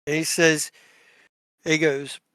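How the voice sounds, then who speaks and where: A man narrating a tabletop role-playing game as its game master, slow and deliberate. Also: a little high, flat delivery, sharp tone, smooth, no room sound. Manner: slow, deliberate narration with voiced NPC lines.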